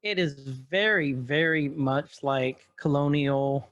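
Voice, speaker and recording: A man co-hosting a casual podcast, rambling through a recap, clearing his throat often and sounding stuffed up from pollen. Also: fairly high pitch, slow, a bit bright, no room sound, muffled recording. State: congested from pollen. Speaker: podcast co-host. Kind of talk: casual chat.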